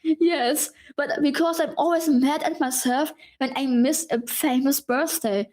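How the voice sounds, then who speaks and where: A woman with a high, light voice chats as a podcast guest. She talks haltingly, full of fillers and restarts, and laughs often. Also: darkish tone. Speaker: podcast guest, fan page admin. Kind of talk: casual podcast chat.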